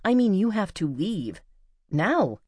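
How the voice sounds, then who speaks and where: A woman's voice: mid-range voice, big pitch swings, slow pace, breathy edge, dry recording, clean studio sound, voice pushed up, full character voice. Woman voicing a frightened, defiant young woman. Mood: tense. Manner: sharp, demanding, raised.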